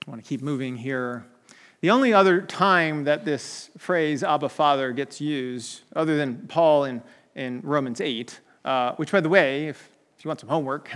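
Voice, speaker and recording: A man's voice: on the high side, a bit bright, big-room sound. A man preaching a conversational sermon, often checking in with "right?" and restarting his sentences.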